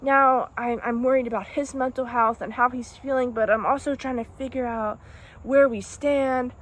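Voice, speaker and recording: A woman's voice: on the high side, steady tone, moderate pace. A young woman telling a personal breakup story in a casual, rambling, emotional way, full of "like" and "dude". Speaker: vlogger.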